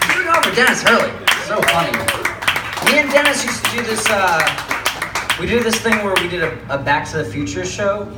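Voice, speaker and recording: A man's voice: sits high, lively intonation, a little fast, over a noisy crowd. A man hosting a live comedy show, rambling loosely with fillers and laughs. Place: comedy club stage. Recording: roomy club sound from a distant mic, with noise.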